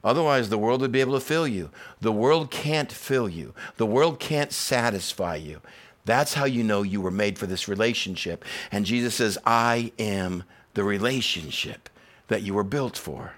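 A pastor preaches a sermon in a lowish, expressive, slightly bright voice at a moderate pace. His intensity rises as he builds to emphatic, repeated phrases, and in conversational asides he dramatizes the voices he quotes.

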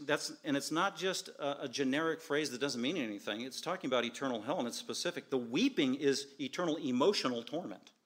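A man's voice: medium pitch, fairly bright tone. A man preaching a sermon as pastor, driving home his points with repeated short, emphatic declarations.

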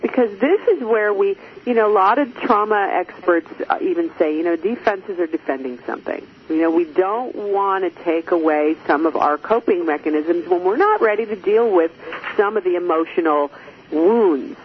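A woman's voice: lowish voice, moderate pace. Emphatic lady hosting an interview, talks right to the listeners, muffled sound. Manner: emphatic, expressive, addresses listeners directly. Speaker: host. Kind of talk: conversational interview. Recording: muffled lo-fi audio with faint hiss.

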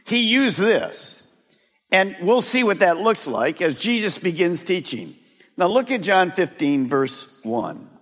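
A man's voice: sits high, big pitch swings, a bit bright. Emphatic preaching man in a hall. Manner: emphatic preaching with dramatic pauses. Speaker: pastor. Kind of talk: sermon. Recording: reverberant hall.

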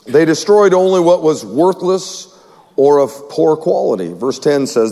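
A man's voice: a little high, very animated, unhurried, mellow. A man pastor preaching a sermon, reading scripture aloud with wry asides and chuckles, in a church sanctuary. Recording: long reverb in a hall.

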